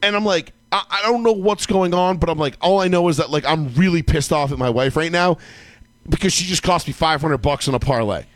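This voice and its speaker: Talking fairly fast in a fairly high voice, a sports podcast co-host loosely narrates a long tale laced with profanity. He yells when mimicking his own outbursts, and the sound carries no echo.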